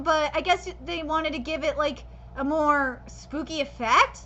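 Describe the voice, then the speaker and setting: A woman's voice: very high voice, moderate pace, bright, forceful tone. A woman giving live reaction commentary as a streamer, critiquing passionately with lots of swearing. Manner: passionate, profane ranting critique.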